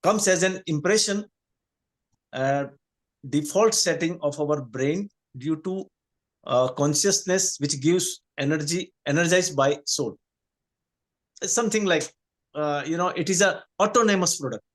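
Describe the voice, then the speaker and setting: A man on an online group call, giving a halting answer and searching for words. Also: fairly high pitch. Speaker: participant on the call. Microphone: video call.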